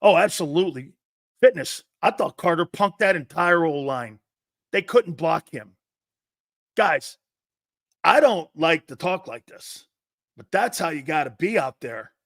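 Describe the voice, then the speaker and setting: A man's voice: fairly high pitch, expressive, unhurried, pauses often, no room sound, studio quality. A man hosting a live sports talk show, reading viewer comments and ranting in a brash, profane, fired-up way.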